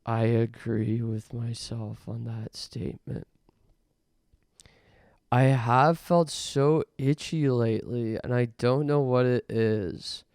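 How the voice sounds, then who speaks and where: A young man hosting a podcast, rambling through an absurd comic monologue in a deadpan way with mock rants. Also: medium pitch, slow pace, vocal fry, clean tone, dry recording, studio quality. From Canada. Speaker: podcast host.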